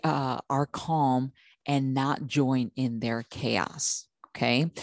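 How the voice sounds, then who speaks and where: A podcast host with a rumbling low, darkish voice talks to mothers in a recording with no room sound. She repeats her points, checks in with "okay?" again and again, and frequently stops and restarts her sentences.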